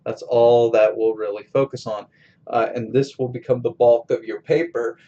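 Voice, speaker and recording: Male college instructor, mid pitch, slow and methodical, screencast lecture on a muffled lo-fi track. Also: fairly even intonation, mellow. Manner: slow, methodical explaining with pauses.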